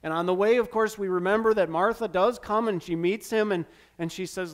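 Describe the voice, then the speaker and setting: A man preaching a sermon as pastor, acting out quoted lines dramatically with swings from loud to hushed. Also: sits high, a little fast, few pauses. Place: church.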